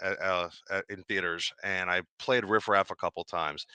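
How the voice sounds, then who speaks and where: Bright-voiced film-buff man co-host. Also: deep voice, fairly even intonation, moderate pace, clear, resonant tone, no room sound. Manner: film-buff talk with stumbling restarts. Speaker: podcast co-host. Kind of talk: casual chat.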